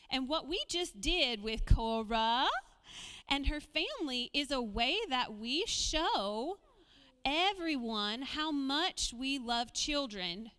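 High bright woman telling kids a story. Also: in a large hall. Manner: gentle, playful, talking to small children. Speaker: children's message leader. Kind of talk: children's sermon storytelling. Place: church sanctuary.

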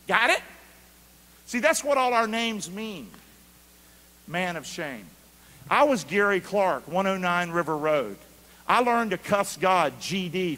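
A man preaching a sermon as pastor, calling for answers from the congregation and swinging from quiet asides to loud shouts. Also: high-pitched. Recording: long hall reverb.

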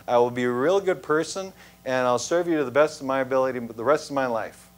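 A man preaching in a church, putting on the voice of a panicked man hanging from a branch and begging for help in a high, strained yell. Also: fast talker, close to an everyday voice. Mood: desperate. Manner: desperate, pleading. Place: church sanctuary.

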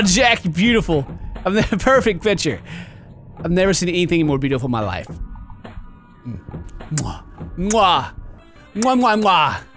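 Giggly, animated gaming commentator man. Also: high voice. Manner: giggly, mock-dramatic, excitable. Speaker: gaming YouTuber. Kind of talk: gameplay commentary.

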